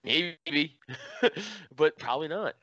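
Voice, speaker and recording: A man hosting a podcast in casual chat, telling stories in an animated, profane way. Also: a little high, slow pace, dry recording, dull audio. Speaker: podcast host.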